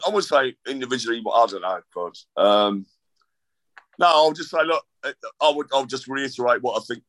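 A man's voice: mid-range voice, a bit bright, no echo. A middle-aged man, a guest author rambling through casual chat with self-deprecating jokes.

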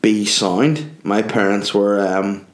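A man's voice: on the low side, fairly even intonation, slow. A young man, rambling through a crude comic monologue full of tangents. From Ireland.

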